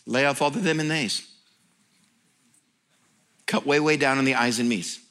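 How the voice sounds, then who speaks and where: A male pastor voicing God as a gentle, teasing father who speaks low and soft. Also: normal speed, natural voice. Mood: tender.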